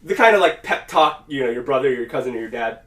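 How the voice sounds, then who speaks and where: A man hosting a casual podcast, rambling and cursing freely as he talks wrestling, now and then jumping into loud quoted voices. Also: medium pitch, quick pace. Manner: rambling, profane, animated when quoting. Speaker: podcast host. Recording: echoey room, mic at a distance.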